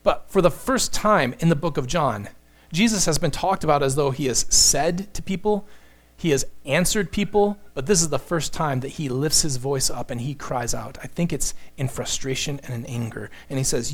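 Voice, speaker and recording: A man's voice: a little high, normal speed. Impassioned man preaching a sermon. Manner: impassioned, emphatic, swings between loud and hushed.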